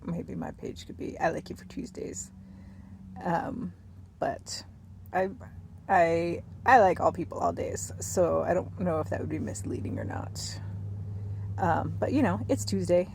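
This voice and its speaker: Gravelly-voiced woman chatting from bed. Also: low-pitched, slight background noise. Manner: rambling and soft, with many fillers, drops to a whisper at times. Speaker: vlogger. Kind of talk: casual chat to camera. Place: bedroom, lying in bed.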